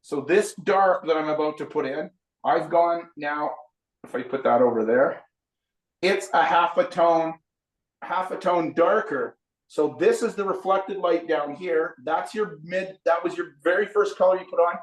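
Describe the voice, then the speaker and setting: A man's voice: on the high side, moderate pace. A man giving a live painting lesson, chatting and explaining each step while he paints. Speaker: painting instructor. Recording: roomy echo.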